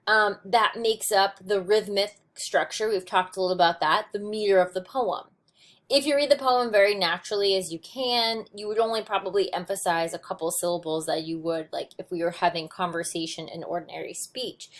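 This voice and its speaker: A woman delivers a recorded lecture on poetry, talking through her notes. Her explanations are patient and loose, full of ums and small restarts as she works through each point. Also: mid-range voice. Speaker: teacher.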